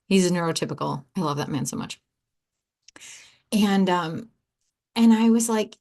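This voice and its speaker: A woman's voice: on the low side, animated, fast. A woman hosting a podcast, telling a personal story in a candid, rambling way, full of asides and acted-out quotes of herself and others. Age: adult, four and a half years sober. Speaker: podcast host.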